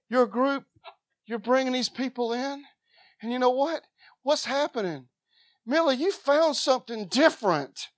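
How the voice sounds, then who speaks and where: A woman preaching a sermon with fervor, swinging between loud shouts and quiet asides. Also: high-pitched, dry recording, clean studio sound.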